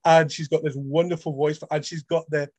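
A middle-aged Scottish man talks about his writing in an interview and tells stories with animation. His voice sits a little high for a man. The recording is dry and close, with no room echo. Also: normal speed. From Scotland. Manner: animated storyteller, acts out quoted voices. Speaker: author guest. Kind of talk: casual interview chat.

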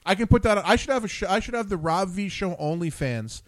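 A man's voice: sits high, lively intonation, quick pace, no room sound. A man hosting a chat show, telling a long story with lots of swearing and acted-out quotes. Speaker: show host. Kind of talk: casual chat.

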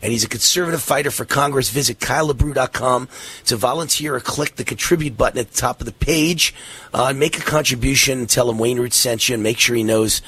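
A worn-out, breathless man runs his radio talk show, his voice a little husky. He rambles eagerly from one plug to the next, stumbling through fillers and restarts. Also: medium pitch, fairly quick. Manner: rambling, energetic, many fillers. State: out of breath, tired.

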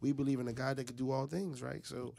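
A man's voice: medium pitch, fairly even intonation, fast talker, creaky, warm tone, a little hiss or hum. A man telling a personal story in a casual chat, animatedly acting out what other people said.

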